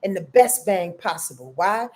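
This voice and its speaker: A woman in her fifties giving a casual astrology forecast, slangy and profane, calling her listeners y'all and swinging between loud outbursts and soft murmurs. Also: medium pitch, lively intonation, moderate pace. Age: 50s. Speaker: astrology host.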